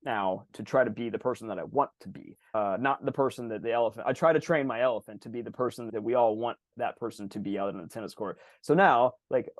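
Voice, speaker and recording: A man co-hosting a podcast in casual chat, animated, swearing freely and acting out other people's voices. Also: medium pitch, fast talker, few pauses, no echo, studio quality. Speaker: podcast co-host.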